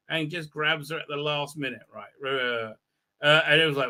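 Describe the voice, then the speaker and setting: A man's voice: a little high, expressive, quick pace, pushed and bright. A man hosting a live stream recap, talking crudely and rambling with many fillers and restarts. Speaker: live show host.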